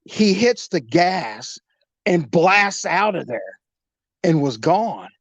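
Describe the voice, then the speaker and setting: A man telling a story as a guest, in a casual, animated way, acting out the dialogue. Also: high voice, slow, dry recording. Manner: animated, acts out the dialogue, swears. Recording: slightly dull lo-fi sound.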